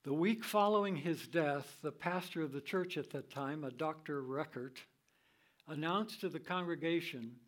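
An older man teaching from the Bible in a sermon style, reading scripture in a measured, deliberate way. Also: a little high.

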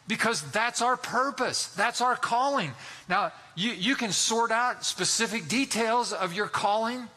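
Preacher in his sixties, high voice, very bright tone, folksy and emphatic, sermon delivery. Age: 60s. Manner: folksy storytelling, emphatic exhortation. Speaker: pastor.

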